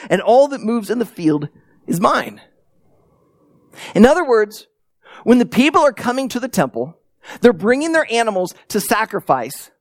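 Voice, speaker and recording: A middle-aged man delivering a sermon with a lively, swooping delivery, acting out voices as he tells stories. His voice is close and dry, with no room sound around it. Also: high-pitched, dry recording. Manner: animated storytelling with acted-out quotes. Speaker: pastor.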